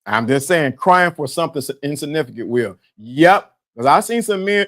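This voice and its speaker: A man hosting a live-stream talk show, animated and laughing, repeating himself and talking to the chat. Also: fairly high pitch, normal speed. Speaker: host.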